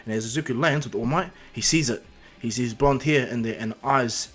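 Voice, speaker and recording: A man's voice: medium pitch, brisk, a bit bright, husky, faint music behind. A man casually narrating a fan-made superhero story, rambling with fillers and restarts.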